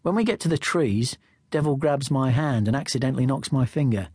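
A man's voice: mid-range voice, brisk, darkish tone, slightly rough, dry recording, clean studio sound. A man reading a teen novel in the first person, with a wry, conversational manner. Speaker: audiobook narrator. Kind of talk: first-person audiobook narration.

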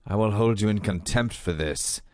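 A man's voice: lowish voice, normal speed, darkish tone, dry recording, clean studio sound, natural voice. A man voicing a proud older prisoner who defiantly demands his release. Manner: defiant, commanding.

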